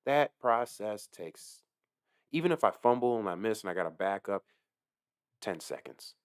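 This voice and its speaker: A man who works as a delivery driver, ranting casually to camera, heated and swearing heavily, swinging between low muttering and loud outbursts. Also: no echo, studio quality. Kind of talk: casual profane rant to camera.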